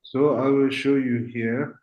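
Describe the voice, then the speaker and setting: Slow, patient male teacher. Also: medium pitch, fairly even intonation, muffled recording. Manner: models syllables aloud, checks with "okay?". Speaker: language teacher. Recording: echoey room.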